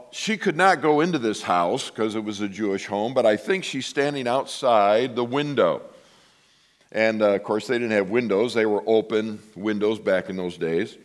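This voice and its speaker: A man preaching a sermon to his congregation, telling a story with lively asides and acting out the voices of the people in it. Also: medium pitch. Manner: animated storytelling, acts out quoted voices. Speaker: pastor.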